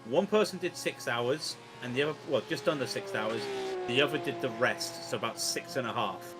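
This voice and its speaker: A man's voice: mid-range voice, normal speed, over loud music. An English man commentating a long motor race, chatty and laughing as he tells stories between updates. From England. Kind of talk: casual co-commentary chat. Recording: commentary over loud race-car sound.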